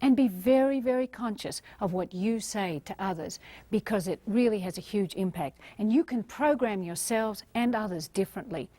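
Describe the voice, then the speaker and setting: A middle-aged woman with an Australian accent gives a motivational seminar talk in an animated, emphatic way. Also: medium pitch, normal speed, no echo. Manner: animated, emphatic, acts out little scenes. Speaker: motivational speaker.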